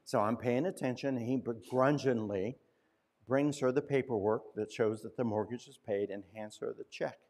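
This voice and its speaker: A male pastor telling a story in a sermon, conversational, slowing down and dropping to a hush at key points. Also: mid-range voice.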